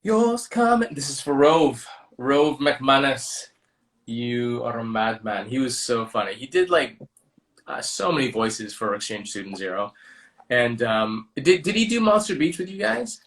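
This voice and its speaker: A man's voice: medium pitch, very animated, measured pace, fairly bright tone. A man from Canada hosting a casual livestream, playfully reading out fan messages while he chats. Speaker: livestream host signing autographs.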